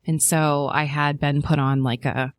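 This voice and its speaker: A woman in her thirties, a podcast guest telling her birth story in a chatty way, with lots of fillers and lively quoting of people. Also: low voice, unhurried, no echo. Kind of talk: casual chat.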